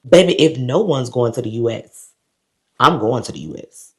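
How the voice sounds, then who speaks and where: A woman's voice: rumbling low, normal speed. A woman vlogger from the United States, animatedly retelling a travel ordeal straight to the camera. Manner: animated, dramatic retelling with quoted voices and laughs. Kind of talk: casual storytelling to camera.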